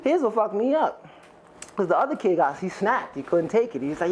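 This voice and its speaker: A male stand-up comic working a live room, his pitch swooping up and down as he tells his stories. He rambles and swears in a loose, conversational way, talking straight to the crowd. A faint hiss of noise sits under the voice. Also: big pitch swings, a little fast. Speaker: stand-up comedian. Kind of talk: stand-up comedy set. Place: stage before a live audience.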